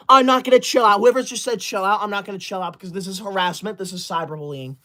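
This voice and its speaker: A woman's voice: medium pitch, fast, hardly any pauses, fairly bright tone. A woman livestreamer chatting with viewers, scolding them in a mock-indignant, theatrical huff.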